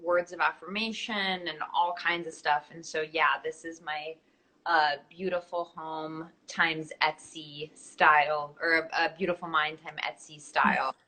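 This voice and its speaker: A young woman talks about her book over a video call from a makeshift home studio. She sounds earnest and reflective, with a touch of self-deprecation. Her voice is bright. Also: low voice, steady tone, measured pace, rough recording. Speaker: author guest. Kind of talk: casual interview chat.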